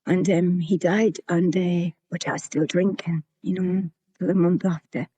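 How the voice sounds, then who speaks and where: A woman's voice: lowish voice, steady tone, measured pace, mellow, slightly rough, dry recording. A woman, telling her own recovery story to a meeting in a candid, plain-spoken way. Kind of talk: sharing a personal recovery story.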